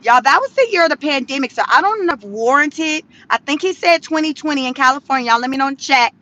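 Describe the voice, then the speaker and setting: A woman with a high, bright voice talks straight to her viewers from inside a car. Her commentary is sassy and animated, and she laughs often between points. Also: quick pace, no room sound, muffled recording. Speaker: vlogger commenting on the news. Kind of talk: casual commentary vlog.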